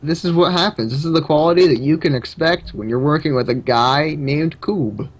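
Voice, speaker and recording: A man's voice: on the high side, moderate pace. A man co-hosting a casual gaming podcast, teasing the others and laughing often. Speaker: podcast co-host.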